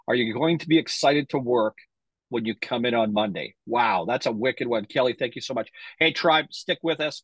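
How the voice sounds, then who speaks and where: Podcast host guy, husky voice, slangy and upbeat, bit tired, dry close sound. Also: mid-range voice, no room sound, low-quality recording. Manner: energetic, slangy. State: a little tired. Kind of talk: casual interview.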